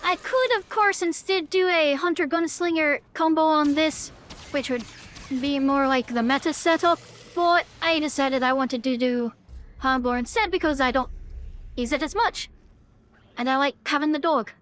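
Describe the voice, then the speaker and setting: A woman's voice: sits high, normal speed, fairly bright tone, a little hiss or hum. A woman with a Northern Irish accent, chatting and swearing casually while streaming a game live. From Northern Ireland. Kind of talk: live gameplay commentary.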